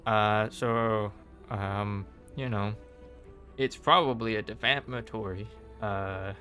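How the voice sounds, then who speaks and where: Slow, rambling British man recapping a game. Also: fairly low pitch, steady tone, pushed and bright, faint music behind. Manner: rambling, many fillers and restarts.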